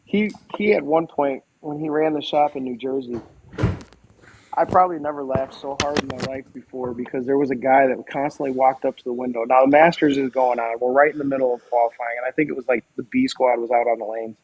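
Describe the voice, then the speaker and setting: A man guest on a podcast, casually telling animated stories and quoting others, with many fillers and restarts. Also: mid-range voice, fairly quick, dull audio, slight background noise. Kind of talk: casual storytelling.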